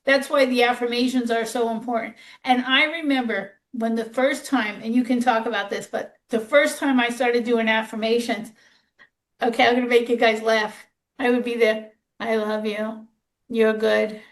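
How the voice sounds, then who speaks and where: A woman's voice: a little high, steady tone, moderate pace. A woman hosting a podcast interview, chatty and candid, sharing her own experience with a self-deprecating touch. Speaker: podcast host.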